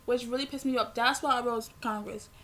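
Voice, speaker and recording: A young woman, telling a rambling, animated storytime vlog with lots of filler words. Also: on the high side, fast. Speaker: vlogger.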